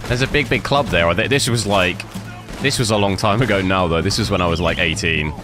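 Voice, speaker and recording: A young Englishman with a low, deep voice and a southern accent carrying a hint of London, chatting loosely with stream viewers. He trips over his words and repeats them as he goes. Game music plays clearly behind him. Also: a little fast. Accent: southern English with a London twang. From south coast of England. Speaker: gaming streamer. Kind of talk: casual live-stream chat with viewers.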